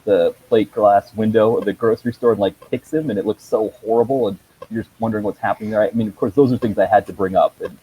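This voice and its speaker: A man's voice: lowish voice, fairly even intonation, fast talker, husky, phone-quality sound. A man on a video call chatting about his movie blog, rambling with many ums and chuckles. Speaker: movie blogger guest. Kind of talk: casual video call chat.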